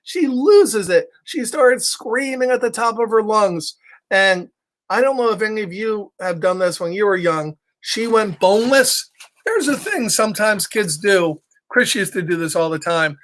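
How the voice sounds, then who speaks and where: A man reading a picture book aloud to young children, with animated, chatty asides to his listeners. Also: high voice, measured pace. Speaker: storytime reader for children.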